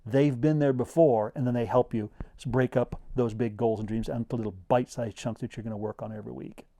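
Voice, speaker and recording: A middle-aged man teaching bass students how to practice, talking earnestly and casually to camera. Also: fairly even intonation, fairly quick, mellow, no echo. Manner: earnest, conversational coaching with quoted student voices. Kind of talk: direct-to-camera music lesson.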